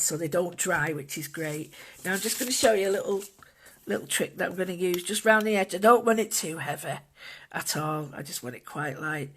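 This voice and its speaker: An art instructor works at an indoor desk, thinking aloud through a calm, gentle, casual drawing and painting tutorial. Her voice is mid-range, and there's slight background noise.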